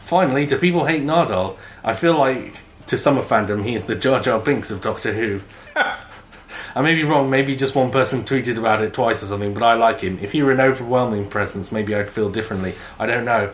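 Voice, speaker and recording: A man's voice: mid-range voice, fairly quick. A man co-hosting a podcast in casual chat, reading out a listener email and laughing often. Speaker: podcast co-host. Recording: roomy echo with faint background hum.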